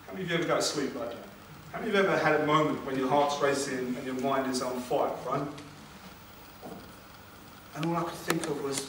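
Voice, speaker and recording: Speaking to a seminar audience, an English motivational speaker shares an emotional personal story, using dramatic pauses and rhetorical questions. His pitch is ordinary, and he's recorded from a distance in a very echoey room with noticeable background noise.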